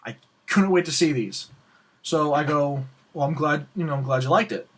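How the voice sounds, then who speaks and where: A young man hosting a casual Q&A show, telling a rambling, excitable story and acting out the lines of the people in it. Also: on the high side, normal speed. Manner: excitable, rambling, acts out quoted dialogue. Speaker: host of a Q&A show.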